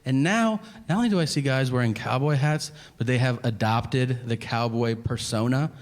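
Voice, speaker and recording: A man's voice: medium pitch, normal speed. A man performing a stand-up comedy routine, telling stories in a profane, mock-exasperated way. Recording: live stage recording with audience noise and reverb.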